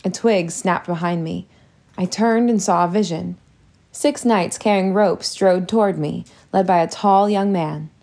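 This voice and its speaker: Woman reading a storybook with vocal fry. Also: mid-range voice, a little mellow. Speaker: audiobook reader. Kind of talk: storybook narration.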